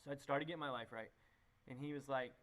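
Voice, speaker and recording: A man's voice: mid-range voice, fairly even intonation, fast talker, a bit bright. A young man, a youth pastor, telling his story in a casual, rambling way with many fillers and restarts. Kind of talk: casual testimony conversation.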